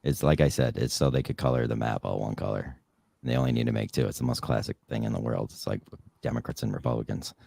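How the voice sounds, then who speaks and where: A man's voice: very deep voice, fast talker, vocal fry, warm tone, slightly rough, no room sound, studio quality. A man in a heated casual debate, blunt and dismissive, swearing often. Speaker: podcast co-host.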